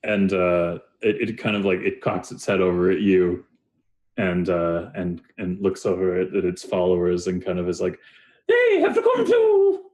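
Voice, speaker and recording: A man narrating as game master of a tabletop game, halting, with many fillers and restarts. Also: low-pitched, little pitch movement, darkish tone, a little hiss or hum.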